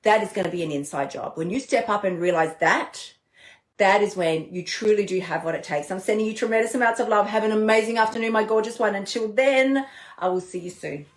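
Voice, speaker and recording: Speaking briskly in a mid-range voice, a woman eating coach and podcast host gives an animated pep talk on a live stream, full of laughter and casual cursing. Her chatty talk echoes around the room.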